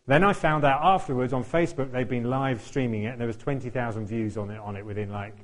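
A man telling a lively anecdote, laughing often and acting out what other people said. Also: fast talker. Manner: animated, laughs often, acts out quotes in a higher voice. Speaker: tuba player telling a story. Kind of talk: anecdotal storytelling.

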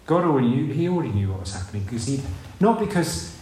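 A man preaching a sermon in a relaxed, conversational way, throwing out rhetorical questions and briefly acting out the voices of the people in his story. He sits at a middle pitch. The sound is roomy, with a faint hum of ambience behind it. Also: fast talker. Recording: echoey room with faint ambience.

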